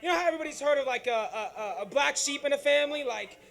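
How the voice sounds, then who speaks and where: High-voiced rambling stand-up man. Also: expressive, fast, creaky, a bit bright. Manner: rambling, profane, repeats "you know what I'm saying". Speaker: open mic comedian. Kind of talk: stand-up comedy storytelling. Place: comedy club stage.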